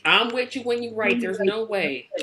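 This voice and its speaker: A woman chatting casually on a video call, animated and playfully indignant. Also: mid-range voice, normal speed, noisy background. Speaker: co-host.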